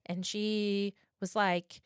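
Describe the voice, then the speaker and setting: A woman's voice: medium pitch, extremely slow, smooth, no room sound, studio quality. A woman in her thirties, co-hosting a podcast, telling stories in casual chat, swearing freely and acting out what people said. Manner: profane, animated storytelling with acted-out quotes. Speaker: podcast co-host.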